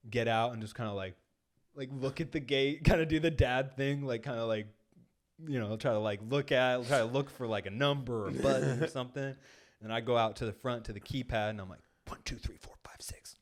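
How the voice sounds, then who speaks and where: This podcast co-host has a medium-pitched voice and a fairly quick delivery. Over a studio microphone he spins a long, meandering story stuffed with "like" and acted-out dialogue.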